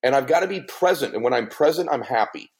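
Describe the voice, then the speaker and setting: Middle-aged man, podcast guest, emphatic storyteller with a very lively voice. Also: mid-range voice, fast. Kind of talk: animated storytelling.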